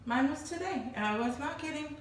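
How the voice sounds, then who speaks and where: A middle-aged woman co-hosting a casual chat, giggly and quick to react. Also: sits high, expressive. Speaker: co-host. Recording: echoey room, distant mic, light noise.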